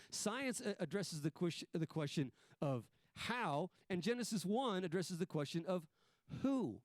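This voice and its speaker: A man delivers a sermon in a plain, conversational teaching tone. His voice sits a little high, and he often breaks off to restart a phrase before stressing the important word. The sound is dry and close, with no room echo. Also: darkish tone. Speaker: pastor.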